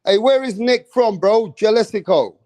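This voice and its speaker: A man's voice: sits high, expressive, a little slow, dark tone, no room sound. A man hosting a casual live stream, chatting with viewers in hyped, profane, slangy banter.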